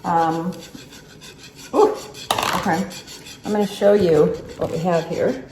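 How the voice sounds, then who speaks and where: A chatty, easygoing woman hosts a home cooking vlog, talking to viewers while she stirs, filmed on a handheld phone in a roomy, echoey kitchen. Her voice is fairly low, slow and fairly even, with background noise from faintly clattering utensils and dishes.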